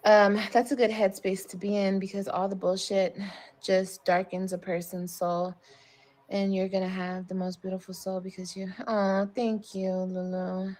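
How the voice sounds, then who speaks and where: A woman's voice: medium pitch, flat delivery, moderate pace, darkish tone. A woman talking casually on a livestream, blunt and heavy on swearing as she vents to her viewers. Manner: blunt and profane, emphatic venting.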